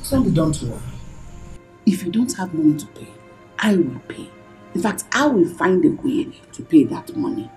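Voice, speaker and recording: A sharp-tongued Nigerian young wife. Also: female voice, fairly low pitch, very animated, moderate pace, echoey room, soft background music. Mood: scolding. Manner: combative, scolding. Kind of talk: Nollywood film acting.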